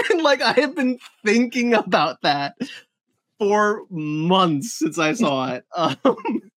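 His voice is high, animated, slow, and a bit bright. He's a man co-hosting a podcast, chatting casually and eagerly, rambling with many fillers and restarts, recorded in clean studio sound with no echo.

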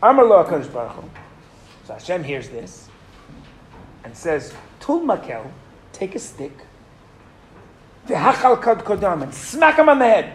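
Animated man teaching a Torah class. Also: high-pitched, unhurried, long pauses. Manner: animated, questions the class, reads Hebrew verses aloud.

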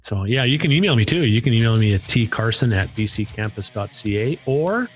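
Casual male podcast co-host, low-pitched, easygoing, faint music under. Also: a little fast. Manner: relaxed, agreeable, lots of "yeah" and "that's right".

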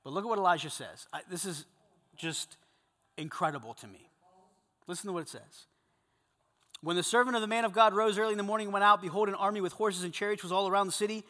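Bright-voiced pastor preaching in a hall. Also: male voice, high-pitched, fast talker. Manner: animated, swinging from loud emphasis to hushed intensity. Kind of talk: sermon.

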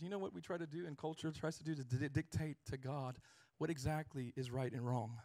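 A man preaching a sermon as pastor, building to shouted peaks and acting out quoted voices. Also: fairly high pitch, brisk, hardly any pauses.

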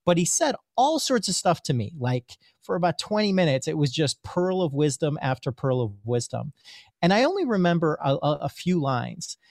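Excitable storytelling man, dry sound. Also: fairly high pitch, normal speed, creaky, dry recording. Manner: animated storyteller, often repeats words while searching for them. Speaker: physician guest. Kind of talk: casual podcast conversation.

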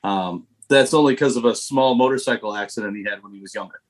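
A man being interviewed as a band member on a comedy radio show, answering absurd questions in a matter-of-fact, deadpan way. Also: lowish voice, fast talker. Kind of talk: comic interview.

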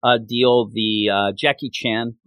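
A man's voice: mid-range voice, slow, dry recording. A man in casual chat, reviewing a comic issue and acting out scenes as he retells them. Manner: animated, retells scenes with acted quotes; frequent fillers and restarts.

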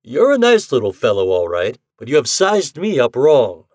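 A man's voice: mid-range voice, huge pitch swings, moderate pace, a little mellow, dry recording, clean studio sound. A man voicing a breezy, slangy young American con man in a story reading. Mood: confiding. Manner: breezy, amused slangy talk. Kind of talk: audiobook character reading.

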